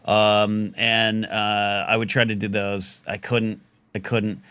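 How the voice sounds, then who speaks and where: A man's voice: lowish voice, level tone, slow pace, a bit bright, smooth, no echo. Male talk host in his forties, self-deprecating rambler, dry booth sound. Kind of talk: casual live talk show banter.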